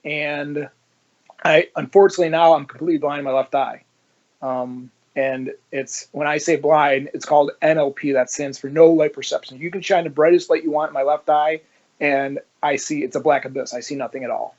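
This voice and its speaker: A man's voice: a little high, moderate pace, lo-fi sound. A man who is a former police officer, telling his story in an interview and acting out the dialogue as he goes. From Ohio, United States. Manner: animated storyteller who acts out quoted dialogue.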